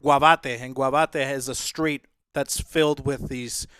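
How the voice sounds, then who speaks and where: A man's voice: medium pitch, fairly even intonation, unhurried, a bit bright, smooth, no echo, studio quality. A male streamer in a laid-back, rambling chat with a co-streamer, full of hesitations and fillers. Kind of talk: casual chat on a collab stream.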